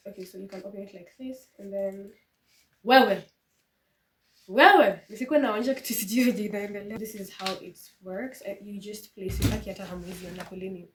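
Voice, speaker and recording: Excitable young Kenyan woman with a flu. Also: mid-range voice. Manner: excitable, mixes English and Swahili, shrieks when thrilled. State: congested with a flu, coughing. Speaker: vlogger. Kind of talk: casual vlog chat. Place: her room indoors. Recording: distant phone mic with clear background noise.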